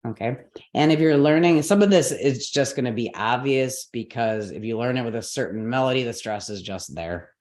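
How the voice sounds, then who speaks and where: A woman teaching an online mantra lesson as a yoga and Sanskrit teacher. She explains step by step, checks in often with okay and all right, and slows down to spell out syllables. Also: extremely low pitch, a little mellow. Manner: patient explaining with frequent okays and all rights.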